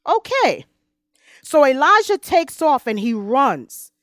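A woman's voice: high-pitched, very animated, no echo. Dramatic woman preacher, dry sound. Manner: dramatic, swinging from loud emphasis to soft hushed tones; reads scripture slowly and deliberately. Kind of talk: sermon.

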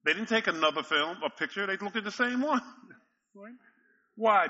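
Man, pastor, sermon, bright forceful tone, slightly high voice, storytelling, chuckling, dull lo-fi sound. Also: lively intonation, normal speed. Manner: storytelling, emphatic, chuckles often.

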